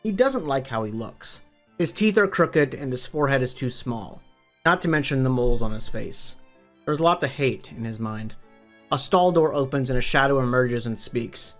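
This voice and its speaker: A man's voice: medium pitch, lively intonation, moderate pace, fairly bright tone, faint music behind. A man narrating a book summary for his online channel, upbeat and conversational, with the odd casual swear. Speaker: book review YouTuber.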